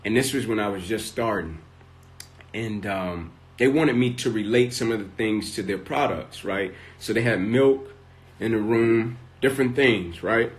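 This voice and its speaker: In an unhurried, lowish voice, a motivational speaker recounts a personal story over a phone live stream. He keeps tagging sentences with "right?" and steadily ramps up the intensity.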